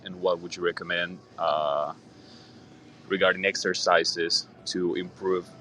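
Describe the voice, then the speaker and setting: A man's voice: sits low, a bit bright, slight background noise. A man calling into a podcast, joking briefly, then asking a long, earnest question with many fillers. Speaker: caller. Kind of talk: recorded call-in question.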